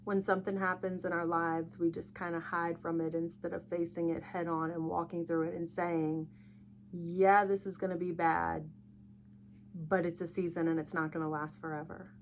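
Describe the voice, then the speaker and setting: A woman's voice: lowish voice, little pitch movement, moderate pace, slight background noise. A young woman hosting a casual solo podcast, tired and yawning, chatty and reflective. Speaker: podcast host.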